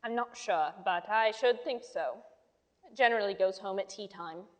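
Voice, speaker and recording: A woman's voice: mid-range voice, moderate pace, lightly acted. A woman doing a prim, clipped nanny. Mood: offhand. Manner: clipped and snippy. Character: prim, curt, tight-lipped nanny. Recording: long hall reverb.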